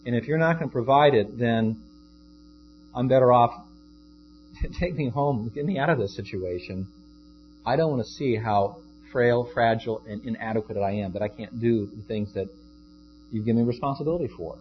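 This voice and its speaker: A worn-out, overwhelmed leader, as a preacher acts him, pleading in a soft, quiet voice. The sound is dull and lo-fi, with faint guitar underneath. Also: male voice, mid-range voice, expressive, quick pace, hardly any pauses, close to an everyday voice. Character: weary despondent old leader, overwhelmed man.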